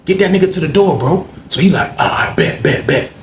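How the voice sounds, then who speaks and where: Man, casual storytelling, animated quoting, high voice, echoey room. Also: fairly quick. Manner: animated, acts out quotes in a higher voice. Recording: echoey room with faint noise.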